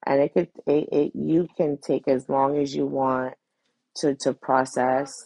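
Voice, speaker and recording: A woman with a strikingly low, gravelly voice talks straight to her listeners in a heartfelt podcast monologue. She circles back on her phrases and restarts often. The recording is dry and close. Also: fairly even intonation, measured pace, warm tone, no room sound, low-quality recording. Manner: earnest and heartfelt, addressing listeners directly; conversational, with restarts and repeated phrases. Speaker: podcast host. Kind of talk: casual motivational monologue.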